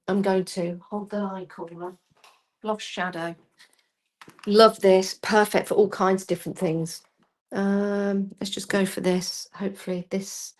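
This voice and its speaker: A woman chatting through a live craft demonstration, self-deprecating and talking as she works. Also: lowish voice. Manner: chatty, self-deprecating, talks while working.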